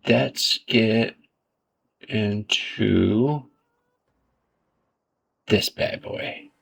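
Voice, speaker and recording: Slow gravelly man narrating gameplay. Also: lowish voice. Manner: relaxed, self-deprecating, thinks aloud. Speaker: gaming video creator. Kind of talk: casual gameplay commentary.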